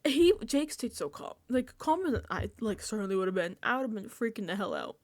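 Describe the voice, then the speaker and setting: A young woman chatting casually on a reality-TV recap vlog, animated and laughing, acting out quotes and swearing freely. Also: mid-range voice, brisk, no echo. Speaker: recap vlogger. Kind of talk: casual reality-TV reaction chat.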